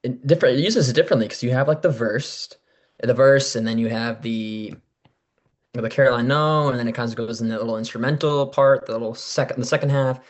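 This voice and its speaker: A young man in casual conversation on a podcast, animated and loose. He talks with plenty of fillers and drops the odd swear word. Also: mid-range voice, fast, lo-fi sound. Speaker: podcast co-host. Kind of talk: casual chat.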